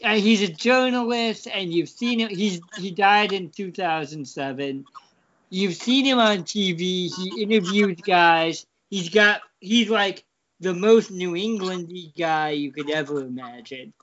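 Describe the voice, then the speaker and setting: A man's voice: high voice, a bit bright, a little hiss or hum. A man chatting casually with a wry, joking manner. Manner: slow, wry, laughs often. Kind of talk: casual chat. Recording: dull lo-fi recording.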